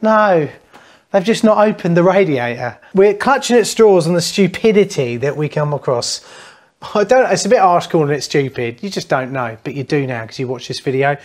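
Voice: mid-range voice, expressive, moderate pace. A plumber explaining heating fixes to viewers in a blunt, teasing, jokey way. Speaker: plumber hosting a how-to channel. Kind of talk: casual instructional talk to camera.

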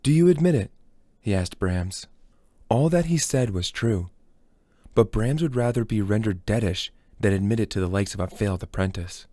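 Low-voiced man narrating a story. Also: moderate pace, dark tone, no echo. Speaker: audiobook reader.

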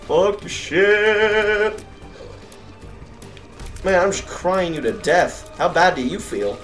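A young man giving let's play commentary, cursing at enemies and getting excitable. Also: a little high, moderate pace. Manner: profane, excitable, yells at enemies. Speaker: gamer. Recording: distant mic with game music behind.

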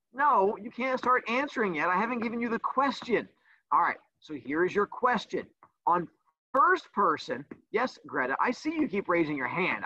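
Teasing animated male teacher. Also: high voice, no echo. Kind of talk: livestreamed class lesson. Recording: dull lo-fi dry sound.

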